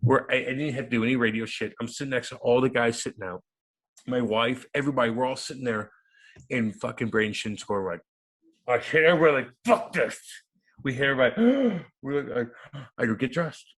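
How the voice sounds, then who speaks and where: A man, a former hockey enforcer turned radio host, telling a loud, profane, animated story in an interview. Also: mid-range voice, quick pace. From United States.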